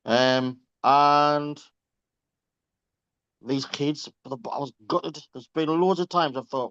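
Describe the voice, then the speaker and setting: A man's voice: mid-range voice, a little slow, a bit bright, dry recording. Group-call regular: man with a mid-range voice, chatty and profane, slightly muffled dry recording. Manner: chatty, swears freely, laughs through stories. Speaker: reading group member on a group call. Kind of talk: casual anecdote telling.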